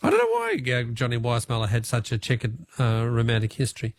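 A man with an Australian accent hosting a talkback radio quiz, chatty and jovial with quick laughs. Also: medium pitch, huge pitch swings, gravelly.

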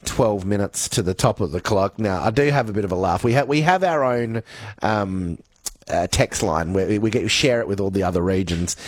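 A man with an Australian accent, presenting a radio show in a studio and reading listener texts in a chatty, excitable way. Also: on the low side, moderate pace, dry recording. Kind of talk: casual radio chat.

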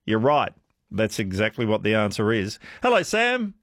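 A male radio host taking calls in a relaxed, joking manner. His voice rises and falls with lively intonation, close and dry as in a studio booth. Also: fairly low pitch, moderate pace, no room sound. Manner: friendly, jokey, lively intonation. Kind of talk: late-night radio quiz with callers.

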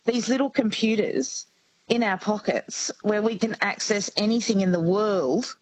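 A woman's voice: medium pitch, unhurried, a little mellow, no echo, poor audio. A woman co-hosting a radio talk show, chatting casually and laughing often. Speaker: radio co-host. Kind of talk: casual chat.

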